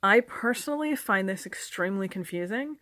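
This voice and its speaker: A woman's voice: mid-range voice, lively intonation, moderate pace, fairly bright tone, no echo. A woman giving a casual spoken lesson to camera, chatty, with frequent ums, self-corrections and dry humor, recorded in a small indoor room on a camera mic. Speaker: video lecturer on folklore. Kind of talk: casual explanatory talk to camera.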